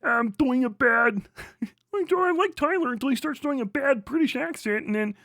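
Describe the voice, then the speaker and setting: A man voicing a mocking caricature of a whiny, panicky British man in a high, whining put-on accent. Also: lively intonation, normal speed, creaky, sharp tone, no echo, studio quality, full character voice.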